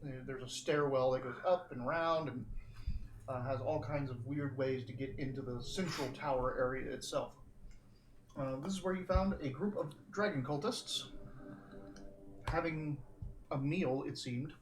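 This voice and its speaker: A man who runs the game as game master, talking in a relaxed and chatty way. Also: medium pitch, moderate pace. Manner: relaxed, chatty, laughs easily. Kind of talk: casual chat and game narration. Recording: echoey room with background noise.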